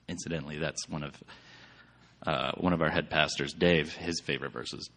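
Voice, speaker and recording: A man's voice: a bass voice, steady tone, moderate pace, fairly bright tone. A man giving a casual sermon with slides, chatty and rambling, with many fillers. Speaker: church speaker.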